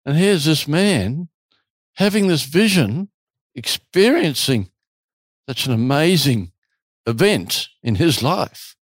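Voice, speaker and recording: A man's voice: a little high, slow, pauses often, slightly rough, no room sound, studio quality. Man telling a story with relish. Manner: animated, lively storyteller. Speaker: retreat owner telling stories. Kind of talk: casual storytelling interview.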